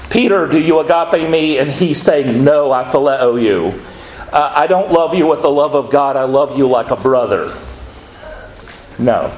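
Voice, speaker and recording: A man's voice: a little high, darkish tone, a little hiss or hum. Male pastor, sermon delivery, chatty and conversational with wry asides, echoey church room. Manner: conversational, quoting scripture with acted asides.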